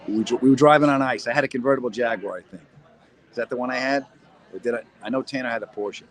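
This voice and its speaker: A man's voice: medium pitch, fast talker, poor audio. A middle-aged man, a comedian and actor, rambling and joking through a casual live-stream chat from a cold cellar, answering viewer questions. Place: cold cellar corner, indoors.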